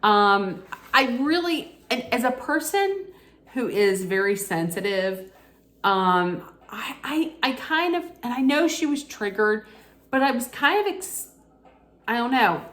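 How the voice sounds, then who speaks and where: A woman's voice: fairly high pitch, expressive, slow, a bit bright. A woman vlogger recapping a reality TV episode in a casual, chatty way, retelling scenes and quoting lines with frequent restarts.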